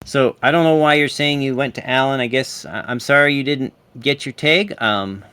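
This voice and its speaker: A man argues his side on an online voice call, defensive and tripping over his own restarts. His voice is sharp and bright. The sound is dry and close, with no room around it. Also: mid-range voice, normal speed, clear, resonant tone, no echo. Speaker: debate panelist. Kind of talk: heated online call debate.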